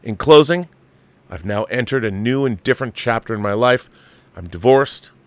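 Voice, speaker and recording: A man's voice: mid-range voice, animated, moderate pace, no echo. A man hosting a show, casually reading a viewer's letter aloud and breaking in with his own asides. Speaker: host reading viewer mail. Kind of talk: casual chat.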